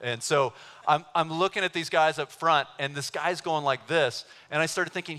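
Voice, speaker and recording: A man preaching a sermon, telling a personal story in an animated way and acting out the voices of people he quotes. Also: fairly high pitch, moderate pace, clean tone. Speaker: pastor. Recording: long hall reverb.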